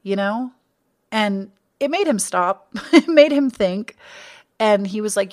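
A woman's voice: medium pitch, animated, slow, pauses often, darkish tone. A young adult woman hosting her own podcast, talking casually and earnestly about empathy, reflective and conversational. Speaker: podcast host. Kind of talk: casual solo podcast talk.

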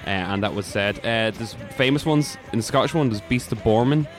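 A man's voice: medium pitch, fairly quick, faint music behind. A man co-hosting a podcast, rambling through explanations with plenty of playful laughing. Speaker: podcast co-host. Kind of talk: casual podcast chat.

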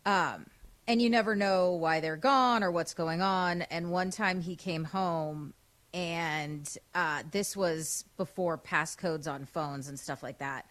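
A woman co-hosting a casual radio show chat, an animated storyteller who swears freely. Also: on the low side, takes it slowly. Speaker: co-host.

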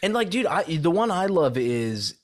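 A man's voice: on the high side, very animated, moderate pace. A young man co-hosting a podcast, talking in a laid-back, slangy, rambling way. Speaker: podcast co-host. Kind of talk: casual podcast chat.

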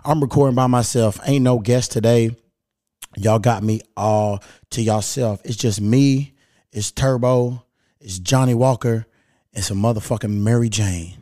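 A man hosting his podcast alone, telling a story in a laid-back, profane, animated way. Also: mid-range voice, a little slow, no room sound, studio quality. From Louisville, Kentucky. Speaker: podcast host. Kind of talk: casual solo storytelling. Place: at home.

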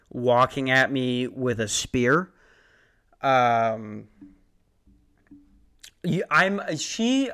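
A man's voice: mid-range voice, gravelly, sharp tone. A young man telling a rambling, profane, self-mocking story about his door-to-door sales job. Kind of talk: casual comedic storytelling monologue.

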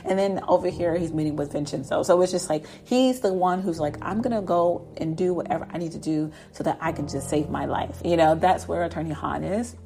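A woman's voice: low-pitched, brisk, creaky, hardly any pauses, noisy background. A woman casually recapping a TV drama episode, chatting and laughing as she acts out the characters' lines.

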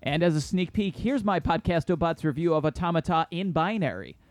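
A man's voice: a little high, animated, a little fast, no echo, clean studio sound, soft background music. A man co-hosting a film podcast, bantering with self-mocking jokes and running the segments. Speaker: podcast co-host. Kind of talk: casual film review chat. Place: New York City studio.

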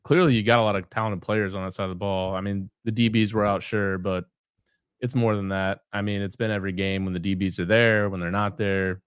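Low smooth guy co-hosting a football pod, joking around, dry close mic. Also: fairly even intonation, fairly quick, no room sound. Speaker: podcast co-host. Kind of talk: casual sports chat.

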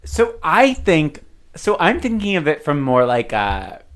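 Male podcast co-host, playful and hesitant, lively pitch. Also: unhurried. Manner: playful, hesitant, trails off with fillers. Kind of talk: casual chat about a film.

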